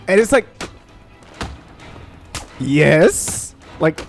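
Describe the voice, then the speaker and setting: A man's voice: fairly high pitch, extremely slow, vocal fry, long pauses, soft background music. Profane ranting young man gamer. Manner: profane, animated ranting with mocking voices. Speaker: gaming streamer. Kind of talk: casual gameplay commentary rant.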